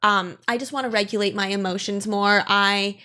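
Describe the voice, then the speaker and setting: A woman's voice: medium pitch, fairly even intonation, moderate pace, sharp tone. Earnest, hesitant young woman co-host. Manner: earnest, hesitant, lots of fillers and restarts. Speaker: podcast co-host, daughter. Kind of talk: casual chat.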